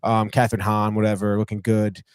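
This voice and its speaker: A man's voice: on the low side, level tone, a little fast, clear, resonant tone, dry recording, studio quality. A man co-hosting a podcast, retelling a TV episode in a loose, profane way and saying "dude" and "whatever" a lot. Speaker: podcast co-host. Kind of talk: casual chat, retelling a TV episode.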